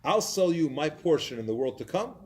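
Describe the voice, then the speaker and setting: A man voicing a mocking, loud businessman at an inn in a story he tells. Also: a little high, sing-song, a little fast, pitched above the performer's own voice. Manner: loud and jeering.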